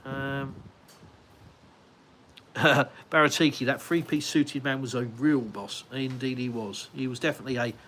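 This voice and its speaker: A man's voice: medium pitch, a little slow, a bit bright. An English man hosting a casual live stream, answering viewer comments aloud as he walks around his house and out onto a windy terrace. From United Kingdom. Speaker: livestream host.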